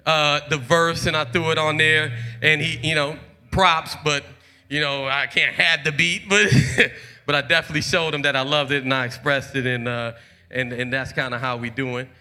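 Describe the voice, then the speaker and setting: A man's voice: a little high, flat delivery, normal speed. A man from Detroit, a rapper and street performer, rhyming with a rhythmic delivery and casual spoken asides on a city street corner. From Detroit, USA. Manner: rhythmic, rhyming delivery with hype call-and-response. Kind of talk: freestyle rapping with casual asides. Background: loud hip hop beat.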